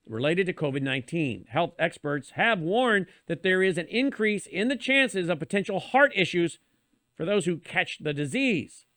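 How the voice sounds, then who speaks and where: A man's voice: high-pitched, fairly bright tone, dry recording. A man hosting a show, reading opinionated news commentary with a sarcastic, pointed delivery. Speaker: show host.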